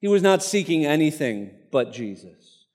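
A man's voice: fairly high pitch, sing-song, normal speed, darkish tone, big-room sound. A man preaching a sermon, reading a martyr story aloud in an earnest tone with casual asides to the congregation.

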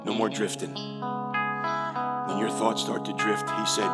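High, gravelly preacher in a reverberant hall. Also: male voice, sing-song, slow. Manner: swings from quiet and low to loud shouting. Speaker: pastor. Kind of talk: sermon. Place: church hall. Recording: reverberant hall with live music behind.

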